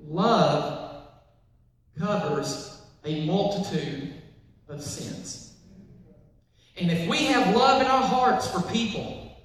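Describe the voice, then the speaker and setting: A man preaching a sermon, moving between soft passages and emphatic, repeated lines. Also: high-pitched. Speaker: pastor. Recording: echoey hall from far off.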